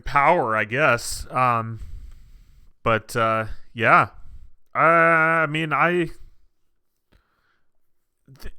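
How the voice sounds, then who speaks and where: Brief: male reaction host, bright clear voice, unhurried, dry close mic. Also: medium pitch, no room sound. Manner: thinks aloud with many restarts, easygoing. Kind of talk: casual reaction commentary.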